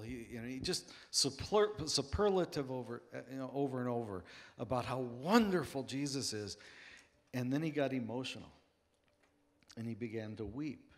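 A man's voice: medium pitch, lively intonation, moderate pace. A man speaking earnestly on a conference panel and telling personal anecdotes. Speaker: author and apologist on a panel. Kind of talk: panel discussion, storytelling.

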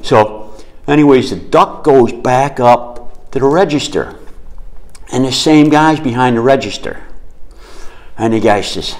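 A man's voice: mid-range voice, expressive, unhurried, long pauses, a little mellow. A man hosting a short school announcement segment, telling a long joke in a casual, rambling way. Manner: rambling, storytelling.

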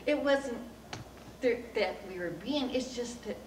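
A woman giving a speech at a speaking club, telling a childhood story in an animated way and acting out the quoted voices. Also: fairly high pitch, unhurried. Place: meeting room of a speaking club. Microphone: distant recorder. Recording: roomy, distant room recording with background hum.

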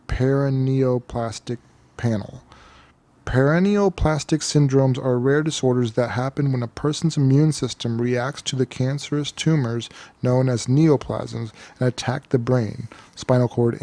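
A man's voice: mid-range voice, dark tone. A man co-hosting a comedy podcast, reading a news item aloud and then joking about it in casual chat. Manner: reads news aloud, then jokes and laughs. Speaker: podcast co-host.

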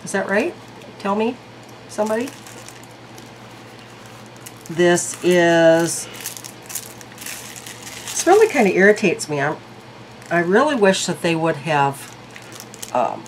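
A woman's voice: lowish voice, expressive, slow, pauses often, a little hiss or hum, rough recording. A woman reviewing beauty products in a casual vlog, chatty and thinking aloud. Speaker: beauty vlogger.

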